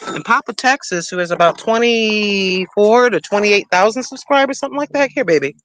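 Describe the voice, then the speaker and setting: A woman's voice: medium pitch, expressive, fairly quick, fairly bright tone, dry recording, rough recording. A woman chatting casually on a livestream while she waters her garden, rambling and cooing to her cat. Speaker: livestream co-host.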